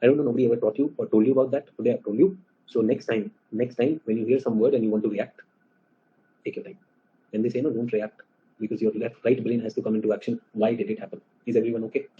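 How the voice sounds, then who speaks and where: Animated and quick, a mid-pitched male teacher with an Indian English accent addresses his class. He regularly checks comprehension by asking the students questions. The sound quality is lo-fi and muffled.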